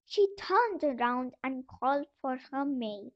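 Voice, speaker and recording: A woman reads a folk tale aloud in a gentle, measured way. Her voice is high and her pace slow. The recording sounds dull and lo-fi. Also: animated. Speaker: storyteller. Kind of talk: storybook reading. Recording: dull lo-fi voice message.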